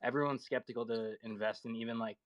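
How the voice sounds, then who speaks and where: A man in a casual online chat, giving relaxed advice with some swearing. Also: mid-range voice, fast, no echo, low-quality recording. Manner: laid-back, advising, casual swearing.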